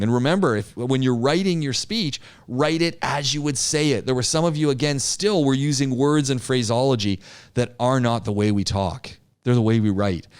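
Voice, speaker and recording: Male speech teacher, mid pitch, lively and conversational, lots of restarts. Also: clean tone. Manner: animated, acts out sample chats, frequent restarts. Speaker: public speaking teacher. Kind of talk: classroom lecture with feedback.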